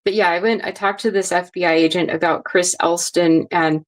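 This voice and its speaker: A woman telling a story as an interview guest, chatty and animated, acting out what others said. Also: lowish voice, brisk.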